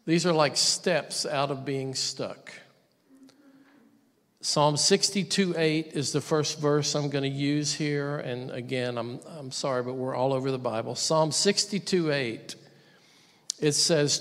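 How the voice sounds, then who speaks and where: High-voiced man preaching in a hall. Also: fairly even intonation, slow pace, a bit bright. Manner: conversational preaching with asides and humor. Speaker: pastor. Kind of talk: sermon.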